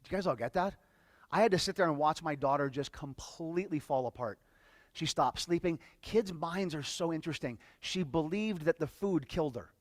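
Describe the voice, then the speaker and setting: A man speaking as a workshop presenter tells a live audience a personal story, his delivery emotional and halting, with frequent repeated words. His voice is a little high with lively intonation, and the recording is dry.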